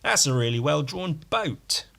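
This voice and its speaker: A man's voice: a little high, sing-song, measured pace, gravelly, a bit bright, a little hiss or hum. A man hosting a podcast alone, rambling sardonically with frequent swearing and self-mocking asides. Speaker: podcast host. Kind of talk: casual solo commentary.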